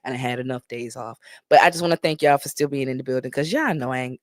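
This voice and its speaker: Low-voiced lively streamer woman. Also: fast talker, dry recording, studio quality. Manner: animated, laughs often, talks straight to viewers. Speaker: live stream host. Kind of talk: casual commentary chat.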